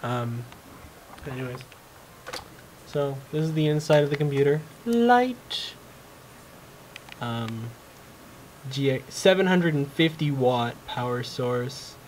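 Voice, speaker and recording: Speaking slowly with long pauses, a man with an animated, mid-range voice vlogs from home beside his cat. He rambles in frustration, piles on fillers, and mentions that his voice is going. It's a noisy home recording.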